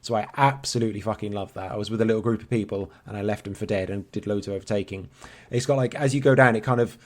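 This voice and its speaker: A man's voice: fairly low pitch, steady tone, fast. A man in his thirties, co-hosting a podcast in casual, rambling chat and swearing freely. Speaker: podcast co-host.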